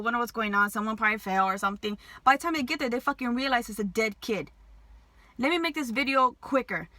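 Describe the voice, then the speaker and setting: A woman's voice: high-pitched, bright, forceful tone, no room sound. A woman telling an emotional story to her viewers, agitated, swearing constantly and restarting her sentences. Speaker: vlogger.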